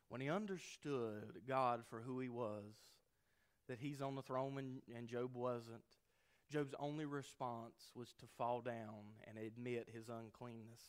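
A man delivering a sermon from the pulpit in an earnest preaching voice. His delivery swings between hushed, low asides and loud, emphatic peaks, with a voice pitched in the middle range. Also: fairly even intonation, measured pace. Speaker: pastor.

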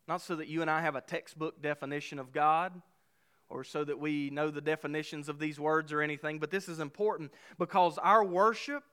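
A pastor delivers a sermon in a smooth, resonant voice that sits a little high for a man. He preaches emphatically, pressing hard on key phrases and slowing down to let weighty lines land. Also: bright, forceful tone.

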